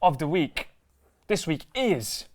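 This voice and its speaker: A man's voice: fairly high pitch, sing-song, takes it slowly, slight background noise. A young man co-hosting a casual football chat show, joking and reading out viewer comments. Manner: jokey, reads viewer comments aloud. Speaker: co-host.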